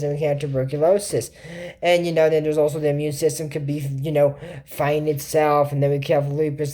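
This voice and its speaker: A woman's voice: low voice, a little mellow. A woman giving a casual reaction commentary on a cartoon episode, rambling and sarcastic, with mocking asides.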